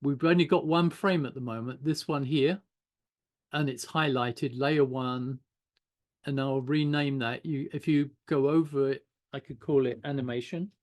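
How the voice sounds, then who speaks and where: A man's voice: medium pitch, fairly even intonation, measured pace, darkish tone. An older man giving an informal online animation class, chatting loosely while he draws and thinks aloud. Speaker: animation teacher.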